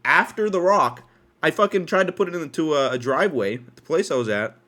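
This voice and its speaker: Young male podcaster, casual storyteller, very lively pitch, crude and jokey delivery. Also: a little fast. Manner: animated, profane, laughing asides, swings from loud to mumbly. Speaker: podcast host.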